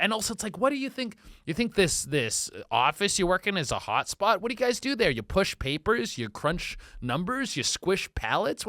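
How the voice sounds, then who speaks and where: Brief: lively, bright-voiced male comedian riffing on clips, dry close sound. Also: high voice, no room sound. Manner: animated, profane, acts out voices. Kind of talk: casual reaction commentary.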